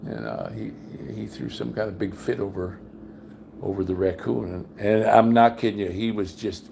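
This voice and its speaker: An older man with a gravelly, fairly low voice that has a mellow, darker tone. He rambles through folksy stories in a loose livestream chat and jumps his pitch up whenever he quotes someone. A faint hum of the room sits behind him. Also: fairly even intonation, moderate pace. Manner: folksy storyteller, acts out quotes in a higher voice. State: undergoing cancer treatment. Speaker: vlogger. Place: home room with high ceilings.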